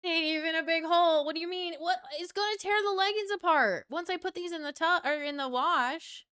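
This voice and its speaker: A woman's voice: very high-pitched, brisk, sharp tone. A woman streamer chatting casually with her viewers, playful and loose, swearing freely.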